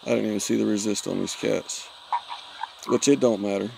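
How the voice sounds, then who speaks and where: A man's voice: fairly low pitch, fairly even intonation, a little fast, creaky, noisy background. A man, chatting casually with viewers while streaming a mobile game. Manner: laid-back, chatty, self-teasing. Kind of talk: casual live-stream chat.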